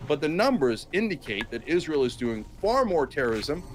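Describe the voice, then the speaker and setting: Male pundit, fired-up and indignant, fairly high voice, background noise. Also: big pitch swings, normal speed. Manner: emphatic, indignant, mocking mimicry. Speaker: political commentator. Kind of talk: impassioned political commentary.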